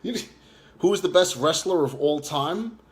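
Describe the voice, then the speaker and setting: A man's voice: a little high, animated, normal speed. A man with a New York accent from Long Island, ranting in casual live chat, taunting and mocking a viewer with lots of fillers. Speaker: live stream host.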